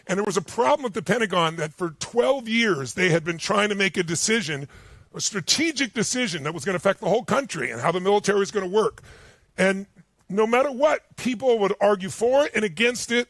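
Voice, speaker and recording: High-voiced, emphatic male motivational speaker. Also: fairly quick, no room sound. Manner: emphatic, animated storytelling. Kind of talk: motivational seminar speech. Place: stage before a live audience.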